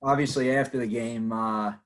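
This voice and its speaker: A man's voice: medium pitch, fairly even intonation, moderate pace. New York man telling a story. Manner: laughing anecdotes, acting out quoted voices. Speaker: guest. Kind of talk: casual storytelling.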